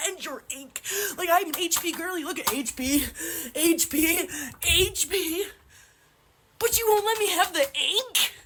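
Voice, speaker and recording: A woman's voice: extremely high pitch, sharp tone. A woman crying while ranting angrily and profanely in a selfie video. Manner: furious, profane, voice breaking. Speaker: social media poster.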